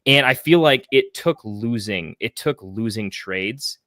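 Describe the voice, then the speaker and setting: A man in casual podcast chat about fantasy football, rambling and excitable, with frequent restarts and casual swearing. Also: on the low side, a little slow, dry recording, studio quality.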